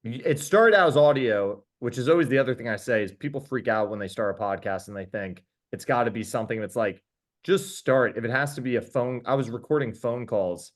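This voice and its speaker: Here a man from New York, himself a podcast host, is the one being interviewed, swapping stories in a relaxed chat. He speaks at medium pitch, lively and eager, often restarting his sentences quickly.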